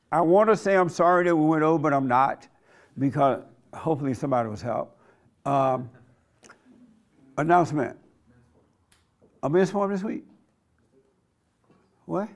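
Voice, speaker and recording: A man preaching an informal sermon, blunt and conversational, with a folksy way of telling stories. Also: on the high side. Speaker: preacher and host.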